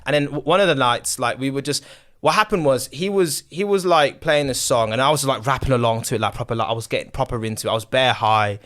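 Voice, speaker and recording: A man's voice: medium pitch, fast. Young man telling a wild story. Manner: animated storyteller with slang, laughs and fillers. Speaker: podcast guest telling a story. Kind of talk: casual chat.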